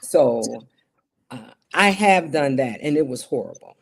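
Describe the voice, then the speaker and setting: A woman's voice: very deep voice, lively intonation, a little slow, gravelly, breathy edge. A middle-aged woman, a television broadcast journalist, talking in an interview in an earnest, emphatic way that repeats its key points. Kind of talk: interview conversation.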